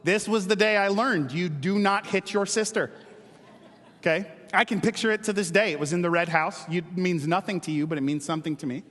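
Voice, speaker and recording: Brief: high-pitched man preaching casually, quips and questions, echoing sanctuary. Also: brisk, fairly bright tone. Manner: conversational, joking, questions the congregation. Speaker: pastor. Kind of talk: sermon.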